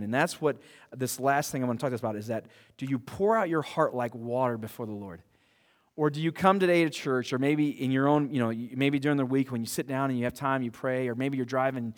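A man preaching a sermon as pastor, animated, often restarting and repeating words, laughing now and then at his own stories. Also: mid-range voice. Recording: long hall reverb.

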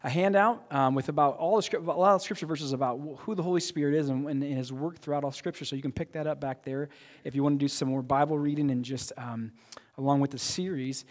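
Speaking fast at a fairly high pitch, this pastor delivers a sermon in the large hall of a church sanctuary. His manner is conversational: he repeats himself and keeps asking the congregation questions.

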